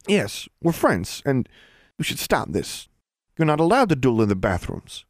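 A man's voice: mid-range voice, very animated, measured pace, no room sound, clean studio sound, voice pushed up. A man voicing a timid teenage witch girl who pleads nervously. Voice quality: trembling, pleading.

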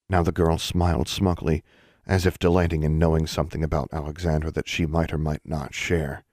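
Deep-voiced male audiobook narrator. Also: level tone, brisk, darkish tone, no echo.

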